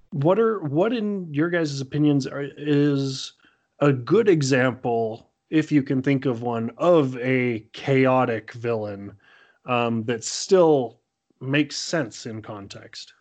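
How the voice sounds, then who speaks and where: A man hosting a casual discussion, speaking in a thoughtful, deliberate, slightly lecturing way. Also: mid-range voice, darkish tone.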